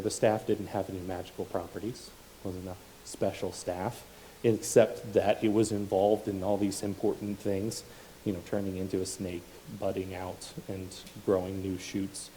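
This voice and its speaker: A man's voice: on the low side, mellow, a little hiss or hum, rough recording. A man preaching a sermon, reading scripture and explaining it with casual asides and self-corrections.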